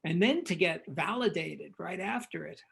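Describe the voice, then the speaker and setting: Older director as interview guest, husky and gravelly, a lively raconteur who performs each quote. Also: male voice, a little high, moderate pace, poor audio. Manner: lively raconteur, acts out quoted dialogue, frequent repetitions. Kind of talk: animated storytelling anecdote.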